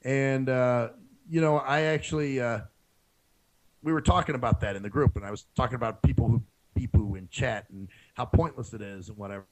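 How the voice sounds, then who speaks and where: A man's voice: medium pitch, fairly quick, poor audio. A man hosting his own radio show, ranting frankly in a casual solo monologue and swearing freely.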